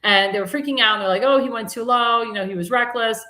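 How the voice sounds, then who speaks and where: A woman's voice: on the high side, fast talker, sharp tone. A woman hosting a live-stream talk show, chatting in a rambling, casual way and laughing at her own jokes. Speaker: host. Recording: echoey room.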